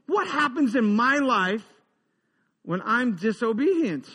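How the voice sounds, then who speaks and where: A man preaching a humorous, conversational sermon, dropping into quiet asides and rising into emphatic build-ups. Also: very high-pitched, expressive, measured pace, husky, long reverb tail. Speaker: pastor.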